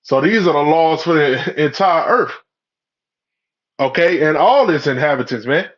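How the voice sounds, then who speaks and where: A man's voice: a little high, expressive, moderate pace. A man in a rambling, profane, preachy monologue, full of "you know" and "man" fillers. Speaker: religious commentator. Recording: dull lo-fi audio.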